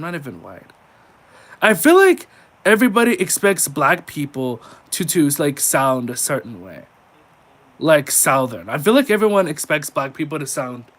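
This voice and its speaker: A man's voice: medium pitch, fairly bright tone. A nineteen-year-old man talks casually on a live stream, reading viewer questions and answering them. His delivery is laid-back and chatty, in a mid-range voice.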